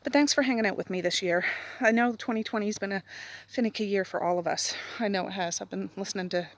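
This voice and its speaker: A woman's voice: mid-range voice, fast talker. A woman from Nova Scotia chatting casually into her phone while out walking her dog at night, homey and rambling, a little out of breath. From Nova Scotia, Canada. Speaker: vlogger. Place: outdoors at night on a street. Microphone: phone held at arm's length.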